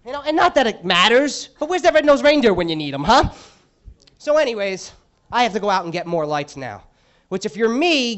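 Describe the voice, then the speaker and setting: A man's voice: high-pitched, highs cut off. A male stand-up comedian on a club stage, ranting crudely and sarcastically through an exasperated set.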